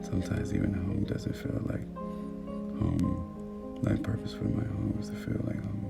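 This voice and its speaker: Gravelly low-voiced man on a live stream. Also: measured pace. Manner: warm, affirming, talks about love and manifesting; excitable bursts with stumbling restarts. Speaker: TikTok live host. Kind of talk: casual live-stream chat reading comments. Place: at home. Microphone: phone. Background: soft music playing.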